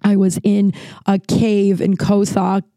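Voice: medium pitch, monotone, slow pace, warm tone, no room sound. A podcast host telling a travel story in a casual, rambling way, full of restarts and filler words, swearing freely.

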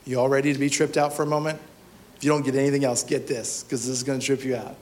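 A man, a pastor, preaching a sermon at a church service in a conversational, animated way, often asking the congregation questions. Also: medium pitch, rapid-fire.

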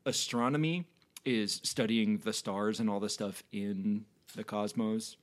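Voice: medium pitch, steady tone, unhurried. A podcast host in casual chat who asks curious questions and gives encouraging replies.

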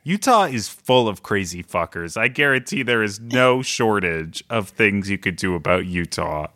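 A man co-hosting a casual chat podcast, quick and teasing with a blunt edge. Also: on the low side, lively intonation, pushed and bright, no room sound. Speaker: podcast co-host.

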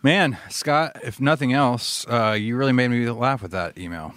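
A man's voice: medium pitch, moderate pace, a bit bright, no room sound, clean studio sound. A man with a Southern US accent co-hosting a podcast, reading an email aloud in easygoing, chuckling chat. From southern United States. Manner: easygoing, chuckling, swears casually. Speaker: podcast co-host.

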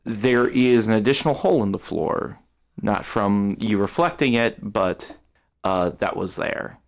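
A man narrating as game master of a tabletop role-playing game, unhurried and hesitant, with frequent fillers. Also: lowish voice, lively intonation, creaky.

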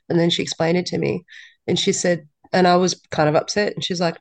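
A woman, a podcast guest telling stories in a lively way and acting out dialogue. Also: on the low side, fast talker, creaky, dry recording. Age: 30s. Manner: lively storyteller who acts out quoted dialogue. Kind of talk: casual interview chat.

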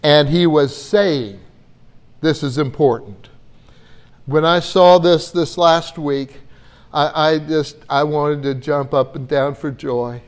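A man's voice: a little high, takes it slowly, clean tone. A man preaching a Bible-teaching sermon in an earnest way, often repeating words as he gathers his thoughts.

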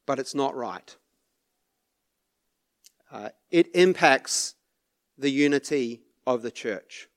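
A man preaching a sermon to his church, unhurried, with small laughs and repeated words. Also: medium pitch, clean tone. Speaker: pastor.

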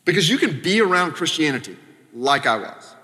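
A man from Arkansas preaching a sermon as a pastor, talking conversationally with quick asides and sudden quiet drops. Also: on the high side, sing-song. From Arkansas, American South. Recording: long reverb of a church hall.

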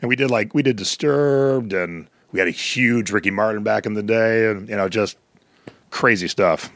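Middle-aged male podcast co-host, lowish voice, dry close sound, animated storyteller. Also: normal speed, no echo. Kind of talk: casual chat.

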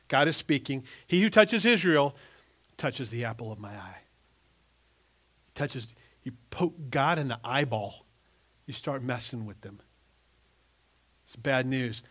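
A middle-aged male pastor preaching a sermon, emphatic and animated, often restarting his sentences. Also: fairly high pitch.

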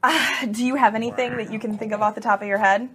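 A woman playing a tabletop game, excitable and quick to laugh. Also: on the high side. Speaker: player.

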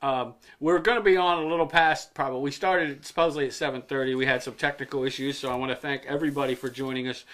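A man's voice: mid-range voice, fairly even intonation, quick pace, hardly any pauses, fairly bright tone. A man hosting a casual podcast, rambling and joking with crude language. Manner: rambling, joking, profane storyteller. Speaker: podcast host.

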